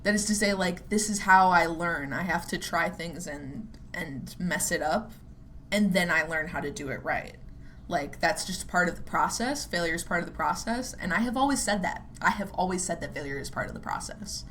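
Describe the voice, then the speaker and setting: A woman's voice: on the low side, normal speed, fairly bright tone. A young woman muses aloud on her solo podcast, drifting between thoughts with constant "like" fillers and a self-deprecating edge. Her delivery is casual and unpolished, with the odd swear word. A faint ambient noise sits under her voice. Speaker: podcast host.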